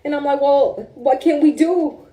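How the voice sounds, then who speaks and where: A woman's voice: sits high, measured pace, mellow. A woman casually telling a story about a salon visit, emotional and informal, calling listeners "bro". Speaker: salon client. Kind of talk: storytime recounting.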